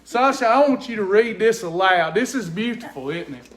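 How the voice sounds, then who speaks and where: A man's voice: high-pitched, lively intonation, moderate pace, fairly bright tone. A man speaks to camera from home in a casual, preachy way. He is earnest and emphatic and often repeats his words to drive a point home. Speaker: host of a faith-based weight loss ministry. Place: at home indoors.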